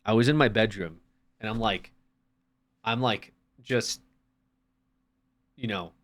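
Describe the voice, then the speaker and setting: A man's voice: lowish voice, slow, a bit bright. A man streaming, chatting casually, swearing often and acting out little scenes. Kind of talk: casual chat.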